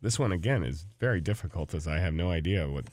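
A young man co-hosting a podcast game who jokes and teases his way through it. His pitch swings widely as he talks, and his voice sounds dry and close to the mic. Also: animated, fast, a little mellow, dry recording. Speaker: podcast co-host and player. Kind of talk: casual podcast banter.

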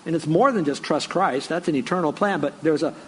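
A man's voice: on the high side, fairly quick, a bit bright, husky, rough recording. A man preaching a sermon as pastor, earnest and conversational, with fillers and restarts.

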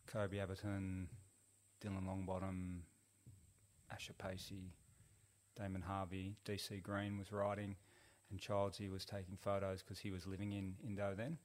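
A middle-aged man with a fairly low voice tells a story on a podcast. He rambles in a laid-back way, with plenty of ums and restarts. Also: completely flat delivery, moderate pace. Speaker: podcast guest. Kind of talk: casual storytelling.

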